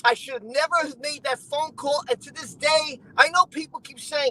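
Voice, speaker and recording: A man's voice: very high-pitched, normal speed, pushed and bright, low-quality recording. A man talking as a stream guest in a car, heated and emotional, repeating himself as he vents. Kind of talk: casual chat.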